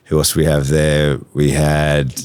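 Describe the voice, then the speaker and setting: A man's voice: a bass voice, slow, clear, resonant tone, no echo, clean studio sound. An Australian man telling casual stories from his sporting career, acting out quoted lines with bursts of laughter. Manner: animated anecdotes, acts out quotes with laughter. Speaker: podcast guest, former rugby league captain. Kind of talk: casual storytelling chat.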